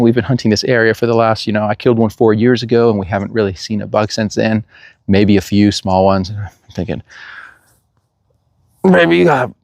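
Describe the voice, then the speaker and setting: Animated man telling a hunting story. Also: fairly low pitch, dry recording, studio quality. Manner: animated storyteller, laughs and acts out quotes. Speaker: hunter telling a hunt story. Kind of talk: casual storytelling.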